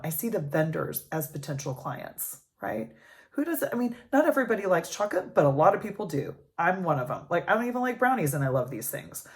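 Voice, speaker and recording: A woman in her thirties, a life coach, talks earnestly and emotionally in a personal vlog, leaning on emphasis. Her voice is lowish, gravelly, and somewhat dark.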